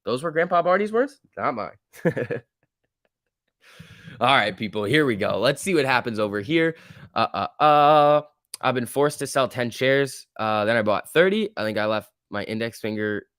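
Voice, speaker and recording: A young man hosting a live stock-market stream, talking in an emphatic, excitable rant. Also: mid-range voice, normal speed, no room sound, clean studio sound. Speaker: livestream host.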